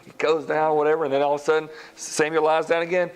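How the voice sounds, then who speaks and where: A man's voice: fairly high pitch, level tone, fast. Guy preaching in church, storytelling, does little voices for the characters. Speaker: pastor. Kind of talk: sermon.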